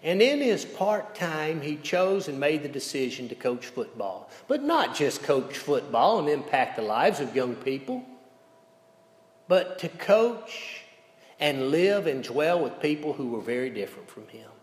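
A man preaching a sermon as pastor, telling a story with big swings between loud and hushed delivery. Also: on the high side, very animated, unhurried. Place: church sanctuary. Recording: echoey church hall sound.

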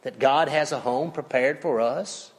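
A male pastor preaching a sermon, with slow, emphatic delivery that swings widely in pitch and volume. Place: church sanctuary. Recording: long hall reverb.

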